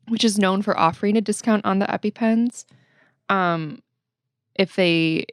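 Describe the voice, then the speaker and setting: Woman with a lowish voice going over the week's news, smooth and clear, dry sound. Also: no room sound. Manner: conversational, frequent "um" fillers. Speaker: podcast co-host. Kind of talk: casual news recap chat.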